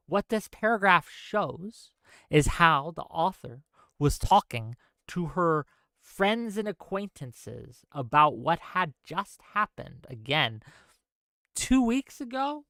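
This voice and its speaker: A man's voice: high-pitched, lively intonation, slow, gravelly, bright, forceful tone, no room sound. A man hosting a political commentary stream, ranting heatedly with profanity and reading an essay aloud. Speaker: stream host.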